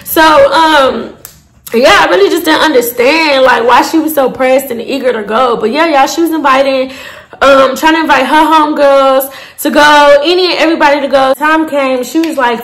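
A woman's voice: high voice, normal speed, fairly bright tone. A woman in her twenties telling a story to her viewers in a casual, candid, slangy and profane way. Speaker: storyteller vlogger. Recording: roomy echo.

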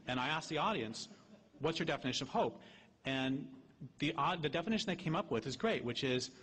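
A man giving a public talk as an activist speaker, wry and impassioned, drifting into anecdotes between sharp points. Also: mid-range voice, lively intonation, brisk, slightly rough, long reverb tail. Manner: wry, impassioned, digressive storytelling.

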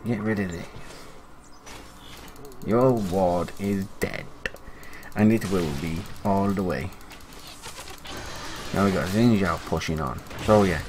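A young man chatting casually as he commentates his own online game, self-critical and excitable at times. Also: sits low, slow, pauses often, a little hiss or hum. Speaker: gaming commentator.

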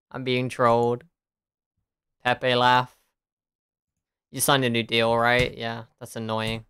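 A woman's voice: rumbling low, monotone, slow, pauses often, a bit bright, smooth, no room sound, clean studio sound. A woman game streamer chatting casually, laughing often, swearing and answering her chat.

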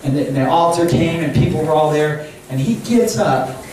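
An older man preaches at a camp chapel in a lively storytelling way, often laughing and acting out what people said. His voice sits fairly high. He is picked up from a distance in a very echoey hall with steady noise behind him. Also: moderate pace, faint music behind. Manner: animated, laughing, acts out quoted lines. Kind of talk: storytelling sermon.

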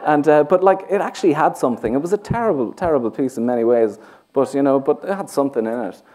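A man's voice: fairly high pitch, quick pace, dark tone. A man with a Dublin Irish accent, a playwright talking onstage in a rambling, self-mocking way, full of fillers. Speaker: playwright guest. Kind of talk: onstage conversation. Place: theatre stage before an audience.

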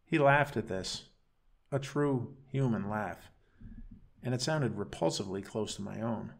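Brief: male storyteller, low and gravelly, slow somber bedtime reading.

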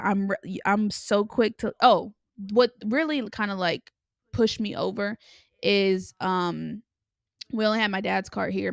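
Young female podcast host, candid chatty storyteller, middle pitch with vocal fry, dry close sound. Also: dry recording. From Los Angeles area. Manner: chatty and candid, with many filler likes and ums. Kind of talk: casual storytelling monologue.

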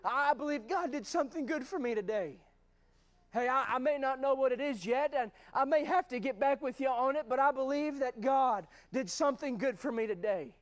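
High-voiced fervent male preacher. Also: normal speed. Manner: fervent, shouting at peaks, addresses the congregation as church. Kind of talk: sermon. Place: church sanctuary.

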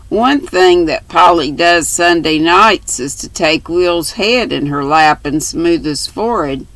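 An older woman reading a classic novel aloud in an unhurried, homespun way, sometimes stumbling and rereading. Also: fairly low pitch, animated, fairly bright tone, no room sound, low-quality recording. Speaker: storybook reader.

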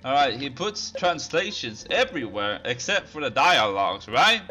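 A young man giving let's play commentary, excitable and swearing, with sudden yelps and shouts. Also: mid-range voice, normal speed. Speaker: gaming video creator. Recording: game music loud behind voice. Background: game music.

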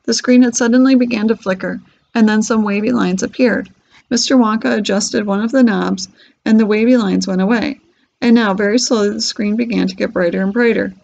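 A woman's voice: mid-range voice, steady tone, brisk, creaky, a little mellow. A woman reading a children's novel aloud, telling the story with animation. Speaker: reader. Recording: dull lo-fi recording.

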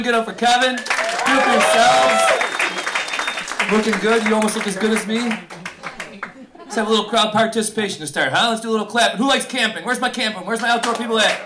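A man in his thirties working a comedy crowd with a notably high voice. He rattles through loose, self-mocking bits, swearing freely as he spins each story. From Buffalo, New York. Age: 30s. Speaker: stand-up comedian. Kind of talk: stand-up comedy set. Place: comedy venue with live audience.

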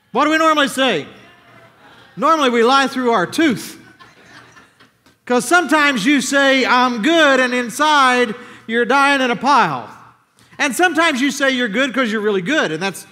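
A man's voice: extremely high pitch, animated, normal speed, pauses often, bright, forceful tone. A man preaching a conversational sermon as pastor, asking his congregation questions. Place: church sanctuary. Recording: church hall with long reverb.

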